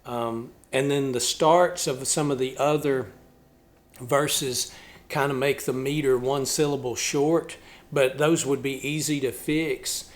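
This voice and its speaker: Slow-talking thoughtful man. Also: mid-range voice, steady tone. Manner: thoughtful, explains step by step with small restarts. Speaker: musician and channel host. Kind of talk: casual talk about a song.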